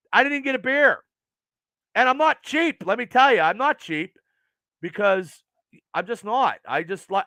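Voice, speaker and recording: A man's voice: high voice, gravelly, pushed and bright, no room sound. A man in his early fifties hosting a podcast, ranting casually and profanely in a rambling way. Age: 50s. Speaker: podcast host.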